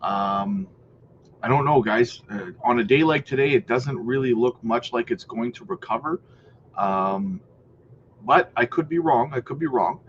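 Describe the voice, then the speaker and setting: A man hosting a crypto news channel, giving casual market commentary in a chatty, hedging way, with many fillers and frequent throat clearing. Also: mid-range voice, unhurried, muffled recording, a little hiss or hum.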